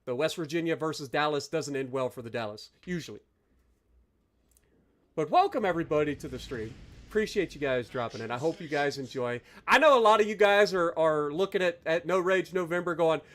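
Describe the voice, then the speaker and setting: A man live-streaming a game, talking to his chat and thanking donors with loud, exaggerated reactions. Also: high-pitched, animated, moderate pace.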